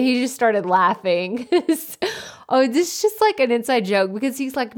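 Loud, energetic woman podcast host. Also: fairly high pitch, moderate pace. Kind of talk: casual solo podcast talk. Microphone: studio podcast microphone up close.

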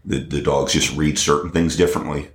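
A man with a very deep, low voice answers interview questions about training dogs, stopping and restarting often with frequent filler sounds. His voice carries a noticeable roomy echo, as if recorded in an open space. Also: steady tone, fairly quick, background noise. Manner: hesitant, many fillers and restarts. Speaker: dog trainer. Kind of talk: conversational interview.

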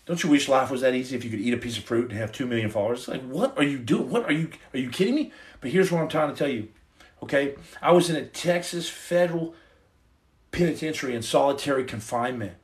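A man's voice: mid-range voice, fast. A middle-aged man hosting a livestream, giving his testimony in an earnest, preachy, casual way into his phone. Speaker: livestream host.

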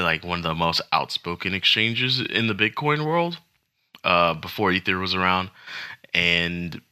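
Bright-voiced low man joking about crypto news. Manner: joking, rambling, self-conscious asides. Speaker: podcast co-host. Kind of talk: casual crypto news chat.

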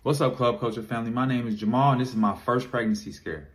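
A man's voice: medium pitch, quick pace. A young man in a video submission, telling a casual story in a loose, rambling way with many fillers. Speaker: listener sending a video submission.

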